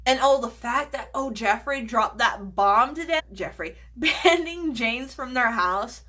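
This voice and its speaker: A woman chats unhurriedly through a casual makeup vlog at home. Her voice sits slightly high and sounds bright and forward, and she gushes over products with plenty of swearing. She often slips into breathy whispers of delight. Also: animated, a little slow. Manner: gushing, swears freely, gasps and drifts to whispers. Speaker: beauty vlogger.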